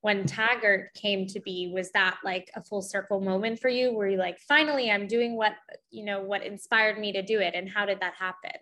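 A woman's voice: mid-range voice, fairly even intonation, normal speed, sharp tone, rough recording. Young woman interviewer, chill chatty tone, says like a lot. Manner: casual, uses lots of "like". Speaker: interviewer host. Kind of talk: casual interview chat.

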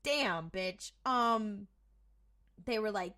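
A high, lively woman's voice with a bright edge, chatting fast and loose as she recaps a TV episode. She swears freely and slips into quick impressions of the characters. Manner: animated, swears freely, acts out quoted lines. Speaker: podcast co-host. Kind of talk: casual chat recapping a TV episode.

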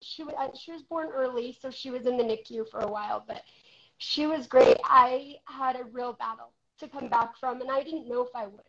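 A woman in her forties shares her own story as a guest, speaking in a heartfelt and candid way. Her voice is high-pitched and rises and falls in loudness. The recording sounds dull and lo-fi. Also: brisk, gravelly, hardly any pauses. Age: 40s. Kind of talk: personal testimony in conversation.

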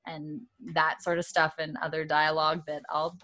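Woman on a podcast, a bit low-pitched, chatty, laughing, doing little voices as she retells a scene. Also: moderate pace. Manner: animated storyteller, acts out characters' lines, laughs often. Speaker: podcast co-host recapping a TV episode. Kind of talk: casual chat.

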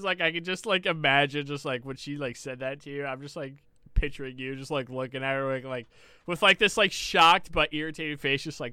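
A man's voice: on the high side, fairly even intonation, brisk, bright, forceful tone, clear, resonant tone, no room sound, studio quality. A young man co-hosting a casual podcast, laughing often and mimicking customers while ranting and swearing freely. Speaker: podcast co-host. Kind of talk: casual chat.

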